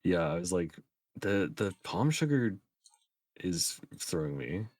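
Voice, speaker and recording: A man's voice: low-pitched, big pitch swings, a little mellow, dry recording. A young man co-streaming, chatting casually and agreeably with easy replies. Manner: easygoing, agreeable, quick back-channel replies. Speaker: co-streamer guest.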